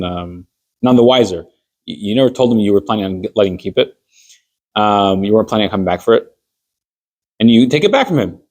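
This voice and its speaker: A man's voice: mid-range voice, a little mellow. Conversational male rabbi teaching. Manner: conversational, walks through hypothetical stories with fillers; acts out little scenes with quoted dialogue. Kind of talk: informal Jewish law class.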